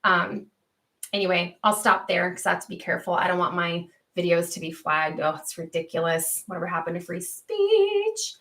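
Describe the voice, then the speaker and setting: A woman's voice: on the low side, lively intonation, moderate pace, fairly bright tone. A woman hosting a homestead livestream, chatting earnestly and reading viewer comments aloud, laughing easily.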